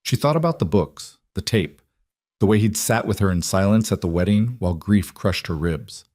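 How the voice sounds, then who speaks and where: A man narrating a scripted story in a measured, steady way. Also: on the low side, no room sound, clean studio sound.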